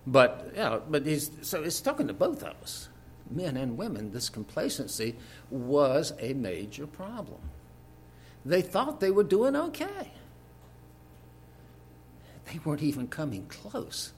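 A man's voice: a little high, very animated, a little slow, pauses often, a little hiss or hum. A man preaching a sermon, reading scripture aloud and adding folksy, joking asides with frequent fillers.

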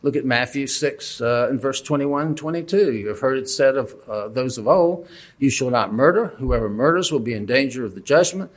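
This Bible teacher's medium-pitched voice is animated and a little fast. Standing at a lectern, he keeps the lesson casual, quizzing his audience and poking fun at himself.

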